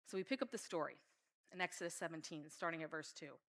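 A woman's voice: sits low, fast, fairly bright tone. A woman preaching a sermon in an earnest, heartfelt way. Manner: earnest, reads scripture aloud with feeling.

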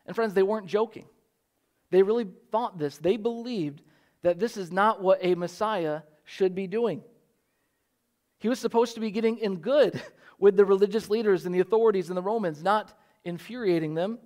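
A man's voice: high-pitched, moderate pace. A middle-aged man preaching a sermon, telling stories and acting out the voices of the people he quotes. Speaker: pastor.

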